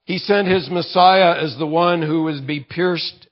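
A man preaches a sermon at an unhurried, deliberate pace. His voice sits a little high, and he works through scripture verse by verse with vivid illustrations. The recording sounds dull and lo-fi. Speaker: pastor.

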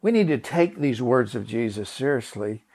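A man's voice: mid-range voice, expressive, moderate pace, darkish tone. A man preaching a sermon and telling a personal story in an earnest, emphatic way, often repeating words and asking his listeners direct questions.

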